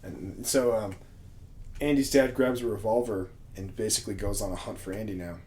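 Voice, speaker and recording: A man's voice: on the low side, moderate pace, a little mellow. Laughing man recapping a movie. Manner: laughs often, acts out scenes in quoted voices. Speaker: podcast co-host. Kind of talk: casual movie recap chat.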